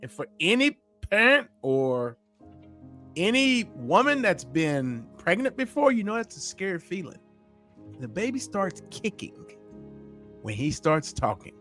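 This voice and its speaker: A man's voice: high-pitched, sing-song, measured pace, sharp tone, faint music behind. A man hosting a reaction video, reflecting earnestly and addressing viewers directly. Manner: earnest, musing, speaks to viewers as "folks". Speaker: reaction channel host.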